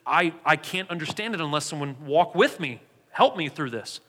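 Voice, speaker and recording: A man's voice: a little high, expressive, moderate pace, bright, forceful tone, voice pushed down. A man preaching a sermon voices a rich Ethiopian official in a retold Bible story, speaking eagerly and with emphasis. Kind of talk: preacher voicing a quoted figure. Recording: long hall reverb.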